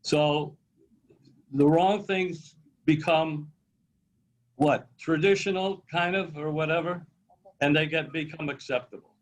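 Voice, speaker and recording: A man's voice: a little high, fairly even intonation, takes it slowly, pauses often, rough recording. A man, a cantor, explaining and correcting points in a casual group discussion over a video call, speaking with some authority.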